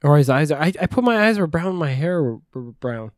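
A man talking on a podcast in a rambling, profane, teasing way. His voice sits a little high for a man. The sound is dry and close, with no room echo. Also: lively intonation, fairly quick. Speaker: podcast co-host. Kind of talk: casual chat.

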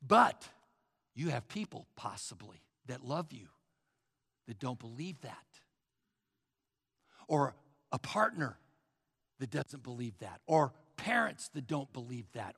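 A man's voice: a little high, gravelly, fairly bright tone, breathy edge, in a large hall. A male pastor preaching a sermon with emphatic repetition, often addressing the crowd as folks.

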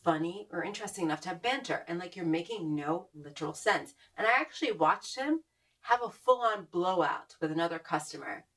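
Woman, lower voice, US Northeast, blunt, profane, animated storyteller, a little off-mic. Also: a little fast, distant mic. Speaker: podcast co-host. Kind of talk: casual chat.

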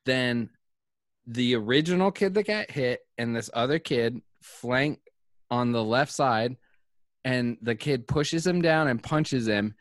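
Dude rambling thru a story, swears a lot, lots of likes, dry close mic. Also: male voice, medium pitch, lively intonation, slow, no room sound. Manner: rambling, profane storytelling with many fillers. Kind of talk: casual chat.

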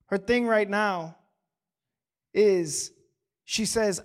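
A young adult pastor preaching a sermon in a church service, talking casually and then building to impassioned shouting. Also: medium pitch, a little slow.

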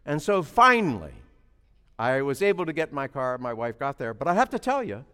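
A man preaching a sermon, telling a story and then building to loud, emphatic preaching. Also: medium pitch, big pitch swings, moderate pace, smooth, long reverb tail.

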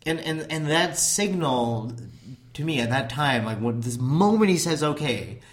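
A man's voice: a little high, lively intonation, unhurried. A man in casual conversation, recounting a documentary in a rambling way and swearing casually.

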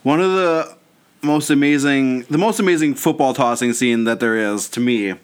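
A man co-hosting a podcast, telling a long story in a casual, animated way and often breaking into laughter. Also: medium pitch, normal speed, clean tone. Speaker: podcast co-host. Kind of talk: casual chat.

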